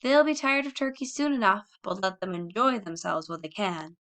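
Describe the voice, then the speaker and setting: A woman's voice: medium pitch, a little fast, a bit bright, lightly acted. A woman voicing a proud, indignant pioneer mother. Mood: brisk. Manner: fierce, dignified outbursts. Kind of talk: audiobook character reading.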